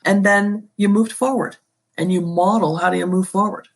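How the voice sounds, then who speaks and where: A woman's voice: medium pitch, fairly even intonation, normal speed, husky. A woman guest talking as an educator and school leader in a podcast interview, emphatic and passionate, with pet phrases she repeats.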